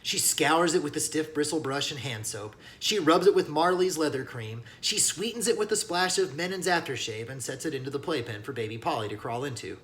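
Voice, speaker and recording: A man teaching as he reads a children's novel aloud, with lively asides that speak to young listeners. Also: fairly high pitch, brisk, few pauses. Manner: animated, addresses listeners as kiddos. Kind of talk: read-aloud storybook narration with lesson asides.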